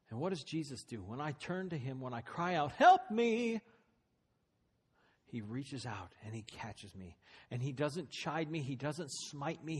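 A man's voice: medium pitch, breathy edge. A man preaching a sermon, retelling a story dramatically with voiced quotes.

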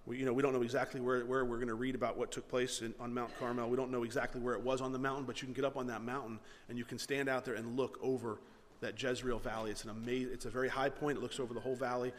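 A man preaching a sermon as pastor, animated, acting out the dialogue of the story and swinging between loud and hushed delivery. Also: mid-range voice, very fast, slight background noise. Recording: long hall reverb.

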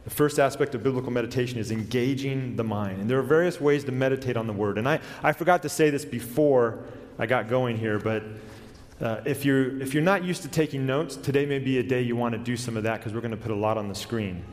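A man preaching a sermon in an earnest way. He slows down and drops his voice to a hush on key words. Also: medium pitch. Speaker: pastor. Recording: long hall reverb.

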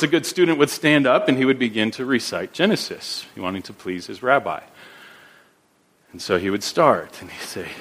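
A man preaching a sermon as pastor, earnest, often repeating words as he builds his points and slowing down for scripture quotes. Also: lowish voice, a bit bright.

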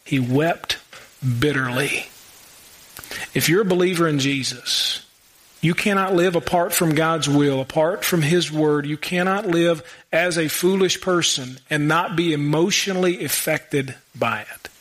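A man's voice: fairly high pitch, unhurried, a bit bright. A man preaching a sermon in a small church, asking the congregation rhetorical questions with casual asides. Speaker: pastor.

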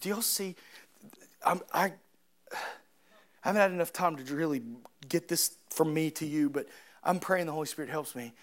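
A man preaching a sermon, swinging from quiet, low reflection to loud, high-pitched fervor.

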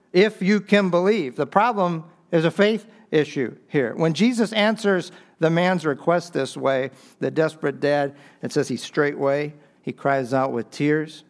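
A middle-aged man preaching a sermon as a pastor, swinging from emphatic raised peaks down to quiet, low stresses, with brief chuckles between phrases. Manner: impassioned, rising to emphatic peaks and dropping low for key points.

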